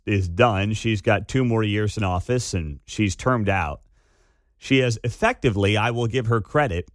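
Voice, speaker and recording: A man's voice: on the low side, dry recording. A man hosting a talk radio show, delivering an opinionated monologue with an incredulous, sarcastic edge. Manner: incredulous, sarcastic, laughs at the absurdity. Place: radio studio. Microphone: studio microphone.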